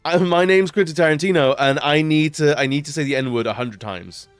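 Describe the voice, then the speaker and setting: A man's voice: a little high, brisk, clean tone, no echo, clean studio sound, faint music behind, close to an everyday voice. A man putting on a mocking impression of a male film director, whining and repeating himself insistently. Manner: whiny, repetitive insistence. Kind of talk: casual impression on a live stream.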